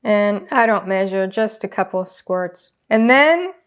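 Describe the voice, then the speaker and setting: A woman's voice: medium pitch, lively intonation, a little slow, clean tone. A woman hosting a casual home cooking demonstration, chatting and explaining each step as she works. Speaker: cooking channel host.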